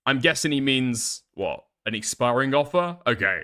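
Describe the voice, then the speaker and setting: A man's voice: medium pitch, expressive, normal speed, hardly any pauses, sharp tone. A man streaming casual commentary on online drama, sarcastic and profane, reading messages aloud.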